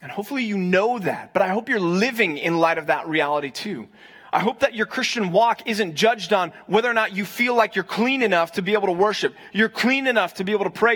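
High-voiced man preaching a conversational sermon. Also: sharp tone. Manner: conversational, invites the crowd to answer, repeats for stress. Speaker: pastor.

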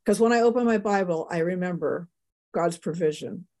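Older woman guest, mellow tone, emotional and animated storyteller. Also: on the low side, normal speed. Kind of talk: personal testimony.

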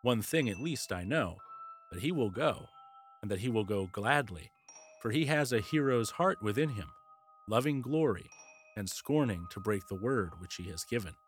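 A man reading aloud, voicing a scheming older male king in a storybook, speaking in a gentle, persuasive way. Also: on the low side, expressive, moderate pace, natural voice. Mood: coaxing.

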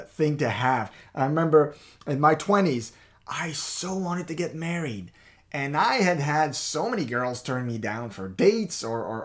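A man co-hosting a faith talk show, speaking in an animated, emphatic way and often restarting words as he tells personal stories. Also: on the high side.

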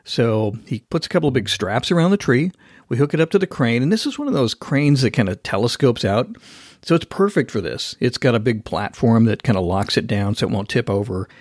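A male podcast host telling a story in an easy, casual way. His voice sits at an ordinary middle pitch, and the recording is very dry, with no room sound. He lifts into lively voices when he quotes other people. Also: brisk, no echo.

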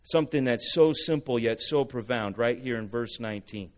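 A man from Southern California, preaching a sermon, animated and asking the congregation for responses. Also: mid-range voice, normal speed. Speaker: pastor.

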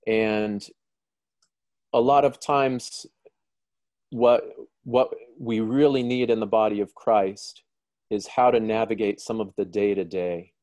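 A man hosting a live Christian broadcast, asking a guest measured questions and using many fillers. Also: on the low side, steady tone, darkish tone, no echo, studio quality. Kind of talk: interview questions.

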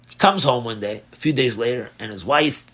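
Rabbi telling a story in class. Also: male voice, mid-range voice, brisk. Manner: animated storyteller, acts out voices, chuckles at his own story. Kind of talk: storytelling in a religious lesson.

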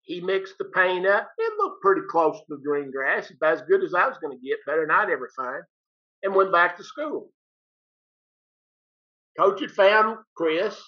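A man's voice: high-pitched, lively intonation, moderate pace. Older man spinning a folksy yarn, dull lo-fi recording. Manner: folksy, plain-spoken, acts out both sides of each exchange. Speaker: retired teacher telling a story. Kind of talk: casual storytelling.

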